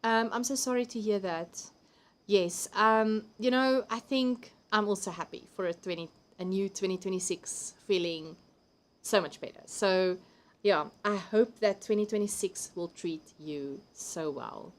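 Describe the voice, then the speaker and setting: A woman with a South African accent hosts a relaxed live stream from home, talking through a computer mic. She chats freely, laughs often and reads viewers' comments aloud as they come in. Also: medium pitch, unhurried. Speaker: livestream host. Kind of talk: casual chat reading viewer comments.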